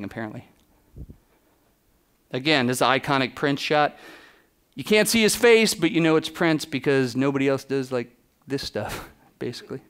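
A man giving a conference keynote, telling stories in a casual, animated way, full of fillers and acted-out quotes. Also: mid-range voice, clean tone. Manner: animated storytelling, acts out quotes with voice drops; casual, many "like" and "you know" fillers. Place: conference stage before an audience.

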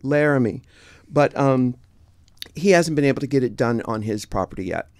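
A man in his sixties from San Diego, chatting casually as an interview guest, relaxed and halting with many fillers and restarts. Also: mid-range voice, no room sound, studio quality. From San Diego, United States.

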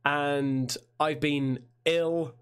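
A man with a croaky, hoarse voice from a chest infection, chatting in a lively, rambling way as he hosts a game livestream. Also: on the high side, very slow. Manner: lively, rambling, loud hyped greetings. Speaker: streamer. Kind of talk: casual livestream chat.

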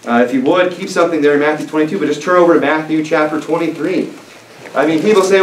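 A man preaches with emphasis in a fairly high voice, working through scripture with many fillers and restarts. His voice comes from a distance into a roomy church, with a faint hum of noise underneath. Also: fast talker. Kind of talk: sermon with scripture reading. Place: church sanctuary. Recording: echoey church recording from afar, faint noise.

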